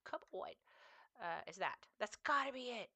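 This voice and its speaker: A chatty woman streamer rambles to her viewers as she plays. Her bright, sharp voice sits in a middle pitch range. Her talk wanders loosely from one thing to the next. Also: expressive, normal speed, breathy edge. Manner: chatty and rambling, talking to chat. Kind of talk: casual chat while gaming.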